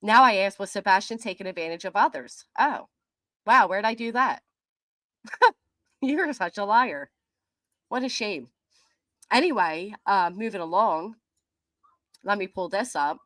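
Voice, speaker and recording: A woman's voice: medium pitch, expressive, fairly bright tone, no echo. Woman streamer, middle-aged, mid-range voice, sarcastic and defiant, laughs easily, close dry sound. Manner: mocking, defiant, quick to laugh. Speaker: commentary channel host. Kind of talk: livestream reading and answering viewer comments.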